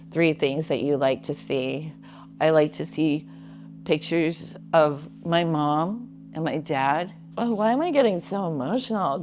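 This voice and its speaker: A woman hosting a reflective self-help talk, guiding the listener in a playful, warm-hearted way. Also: sits low. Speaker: host.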